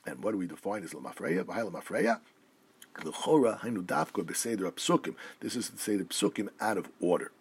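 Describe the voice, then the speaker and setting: Husky man teaching a halacha lesson. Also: sits low, animated. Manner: reads Hebrew text slowly, then explains in English. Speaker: Torah teacher.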